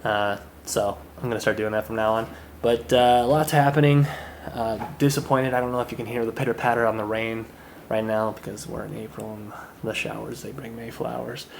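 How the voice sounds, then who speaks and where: A man's voice: fairly low pitch, steady tone, fairly quick, gravelly, slight background noise. Rambling, jokey young male podcast host. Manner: rambling and jokey, with crude asides. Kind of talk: casual solo chat.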